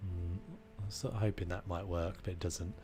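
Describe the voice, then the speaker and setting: Young guy streaming a game, lowish voice, just mumbling his thoughts out loud, faint music behind. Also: steady tone, moderate pace. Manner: thinking aloud, muttering while building, self-deprecating. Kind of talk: casual live-stream commentary.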